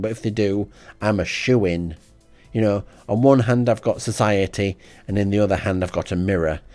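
A man reading out a comic diary in a deadpan, rambling way. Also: low voice, no echo. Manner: deadpan and rambling, with frequent ums. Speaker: comedy podcast host.

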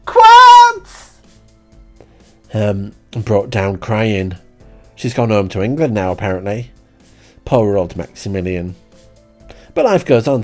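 Deadpan rambling male storyteller. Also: on the low side. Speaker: comic diarist. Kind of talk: comic audio diary storytelling.

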